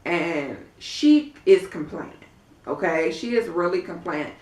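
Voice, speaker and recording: Recorded in an echoey room far from the mic, a woman with a low, slightly mellow voice recaps a reality show on her casual vlog. She speaks a little slowly with lively intonation, sassy, blunt and profane as she acts out the cast's lines.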